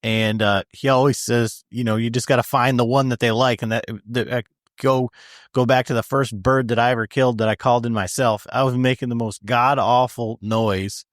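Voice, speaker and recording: Male host in a mid-pitched voice, halting and full of fillers, on a dry, close recording. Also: dry recording. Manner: halting, filler-heavy phrasing. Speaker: podcast host. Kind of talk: interview questions.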